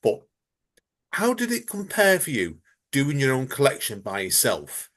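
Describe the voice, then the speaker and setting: A man's voice: mid-range voice, huge pitch swings, a little slow, a bit bright. A man hosting a podcast interview, enthusiastic and effusive in his praise of his guest. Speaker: podcast host. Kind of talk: casual interview.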